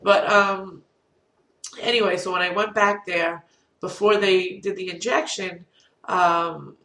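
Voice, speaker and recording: Middle-aged woman vlogger with a cold, gravelly and rambling, recorded off-mic in a boomy room. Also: steady tone, takes it slowly, pushed and bright, a little hiss or hum. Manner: rambling, candid, self-deprecating. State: has a cold. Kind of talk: casual storytelling to camera. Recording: roomy echo, distant from mic.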